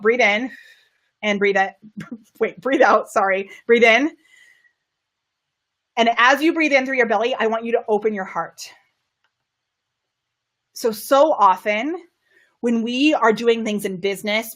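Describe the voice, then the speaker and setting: An excitable woman coaches her viewers during a live video stream. Her voice sits a little high, and she laughs and bursts with energy as she talks. Her microphone is kept well away from her. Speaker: camera confidence coach. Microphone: microphone kept far from her.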